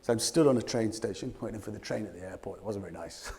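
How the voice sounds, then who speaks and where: British man, motivational speaker, raspy, energetic, lots of call-and-response, big reverberant hall. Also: on the low side, fast talker. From Britain. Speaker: leadership coach, keynote speaker. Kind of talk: motivational keynote talk. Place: conference stage before an audience.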